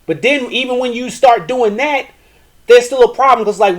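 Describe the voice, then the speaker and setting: High-voiced, blunt male host. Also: lively intonation, brisk. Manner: blunt, profane, preachy. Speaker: live show host. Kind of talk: casual commentary on relationships. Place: porch, outdoors.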